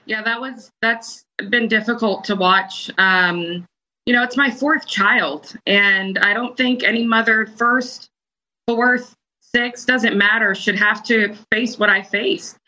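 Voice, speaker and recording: A woman guest answering interview questions in a measured, subdued, slightly hesitant way. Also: on the high side, steady tone, pushed and bright, muffled recording.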